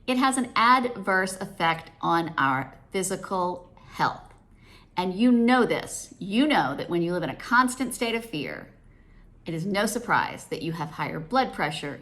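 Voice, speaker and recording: A woman's voice: medium pitch, fairly bright tone. A woman giving a casual devotional talk as a Christian speaker and teacher, conversational, acting out dialogue in quoted voices.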